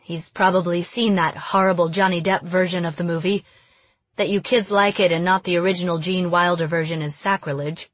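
A woman's voice: fairly low pitch, fairly even intonation, brisk, no room sound, natural voice. A woman voicing a wry, opinionated mother. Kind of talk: audiobook character voice.

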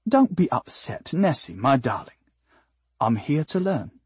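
A laid-back, flirtatious rock singer, voiced by a male narrator, coaxes in an easygoing way. The storybook voice is husky, and the sound is close and dry. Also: mid-range voice, big pitch swings, a little slow, a little mellow, dry recording, heavily acted. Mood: coaxing.

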